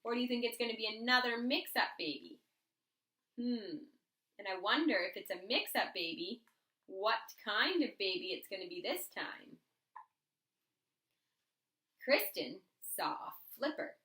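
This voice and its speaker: A woman teacher reading a picture book aloud to children in an expressive, animated way. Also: on the high side, measured pace, pauses often. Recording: roomy echo.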